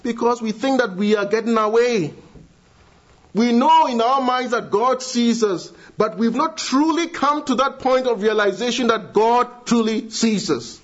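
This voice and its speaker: A high-pitched man preaching with earnest conviction, dropping to quiet lines and then climbing into emphatic appeals. The recording is dull and lo-fi, its highs muffled. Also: measured pace. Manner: earnest, swings between hushed and rising emphatic appeals. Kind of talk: sermon. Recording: dull lo-fi sound.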